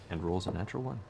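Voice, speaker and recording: A man as game master narrating a tabletop role-playing game, describing scenes in a measured way with hesitant fillers. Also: on the low side.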